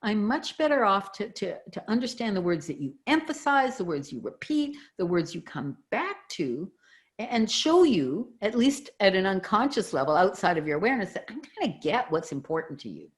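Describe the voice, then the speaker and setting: Animated woman explaining with examples. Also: medium pitch, moderate pace. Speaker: interview guest, communication expert. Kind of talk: explanatory interview talk.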